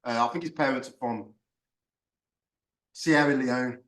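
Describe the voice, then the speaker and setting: A man's voice: medium pitch, unhurried. Ranting man, echoey and distant. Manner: animated, swearing, ranting. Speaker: podcast host. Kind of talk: casual ranting chat. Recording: echoey room, far from mic.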